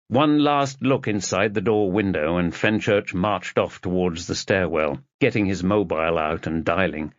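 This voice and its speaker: A man narrating an audiobook in a steady, measured storytelling voice. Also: low-pitched, no echo, muffled recording.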